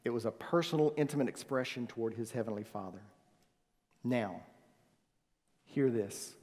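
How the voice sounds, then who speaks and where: A male pastor preaching a sermon, swinging from loud emphasis to soft, hushed phrases. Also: mid-range voice, normal speed. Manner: swings from loud emphasis to near-whispered softness. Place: church sanctuary. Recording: long reverb of a church hall.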